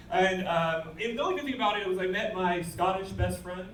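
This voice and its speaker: Speaking fairly quickly with few pauses, an English stand-up aims dry, self-deprecating punchlines at the crowd in a high, slightly bright voice. Audience laughter and slight background noise fill the roomy, distant club recording.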